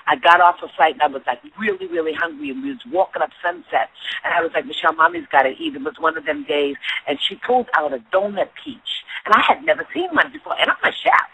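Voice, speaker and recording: A woman tells stories with lots of energy, acting out every quote. Her voice swings widely in pitch and sounds bright and a little husky. The recording is dry, with no room sound. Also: fast, low-quality recording. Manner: animated storyteller, acts out quoted dialogue. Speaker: guest. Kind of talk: casual chat.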